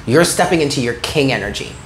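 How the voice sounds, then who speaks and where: A man's voice: medium pitch, animated, fast, a little hiss or hum. A man giving a tarot reading, talking earnestly and encouragingly to the listener and often checking in with "okay?". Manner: frequent "okay?" check-ins. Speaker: tarot reader.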